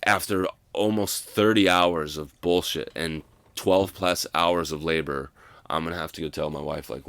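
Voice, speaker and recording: A young man in his twenties telling a long personal story in casual conversation, filling every pause with "like" and swearing freely. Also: low-pitched, fairly bright tone, dry recording. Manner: rambling, fills with "like", profane. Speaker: guest.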